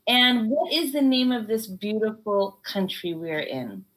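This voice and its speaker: Woman, bright and sharp, very animated, theatrical reporter tone for a pretend kids' interview. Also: medium pitch, measured pace. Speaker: mock interviewer in an improv exercise. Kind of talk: playful pretend TV interview with a child.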